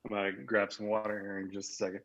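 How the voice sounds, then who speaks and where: A man's voice: fairly low pitch, completely flat delivery, fast, fairly bright tone, highs cut off. An American man, a guest, telling rambling stories in casual interview chat, with many fillers and self-corrections. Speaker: guest, agency founder.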